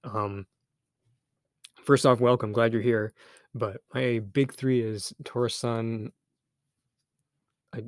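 A man's voice: mid-range voice, little pitch movement, takes it slowly, long pauses, no echo, clean studio sound. A young man hosting a solo podcast, talking candidly and loosely, thinking aloud with restarts, a little embarrassed but encouraging. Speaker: podcast host. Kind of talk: casual solo podcast monologue.

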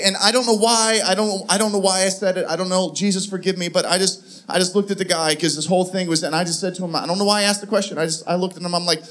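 A middle-aged man preaching, telling an animated story and acting out both sides of a conversation, with many restarts. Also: high-pitched, quick pace, few pauses. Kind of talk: sermon story.

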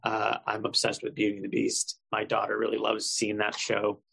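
A man with a gravelly, husky voice chats casually on a podcast. He spins a self-mocking story in a relaxed back-and-forth. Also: on the low side, normal speed, rough recording. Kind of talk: casual chat.

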